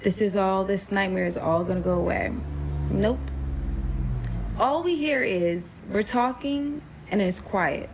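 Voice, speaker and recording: A woman's voice: mid-range voice, unhurried, background noise. Woman telling a story animatedly. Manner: animated, acts out quotes, frequent "like". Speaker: storyteller guest. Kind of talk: casual personal storytelling.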